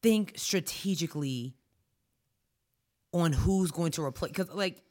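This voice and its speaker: A woman co-hosting a casual chat, playful and quick to react. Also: lowish voice, a little mellow. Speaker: podcast co-host.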